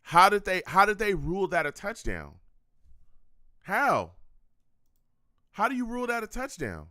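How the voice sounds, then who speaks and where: A young man running a live game reaction stream, his fairly high voice swinging up and down with lots of life. He talks in short repeated bursts, griping and calling out to his chat. The sound is close and dry, with no room around it. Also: sing-song, a little slow, sharp tone, no echo. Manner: frustrated, repetitive, talks to the chat. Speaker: fan show host reacting to a live game.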